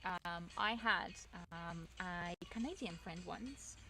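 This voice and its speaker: A woman's voice: lowish voice, slow pace, bright, forceful tone, rough recording. A woman from England, chatting casually on stream, telling rambling stories and reading chat aloud, full of fillers and restarts.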